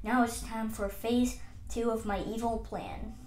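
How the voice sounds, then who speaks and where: A woman reading a children's comic book aloud, doing the sound effects and pausing with frequent ums. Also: a little high, steady tone. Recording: echoey room with faint background noise.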